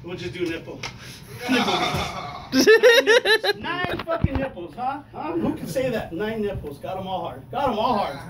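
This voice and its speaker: Profane stand-up guy in his fifties, high voice, echoey far-off mic, noisy room. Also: measured pace, crowd noise. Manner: profane, loud, animated storytelling. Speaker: stand-up comedian. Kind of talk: stand-up comedy set.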